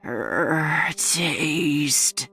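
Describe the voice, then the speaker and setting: A woman voicing a hungry male wolf creature with a raspy, hissing voice, drawn out slow and deep. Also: expressive, sharp tone, soft background music, full character voice. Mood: growling hungry.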